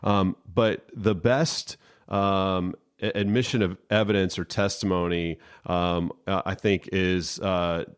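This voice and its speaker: A man with a deep, resonant voice talks casually as a podcast co-host. He speaks haltingly, with many fillers and restarts. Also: fairly even intonation, clean tone. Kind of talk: casual chat.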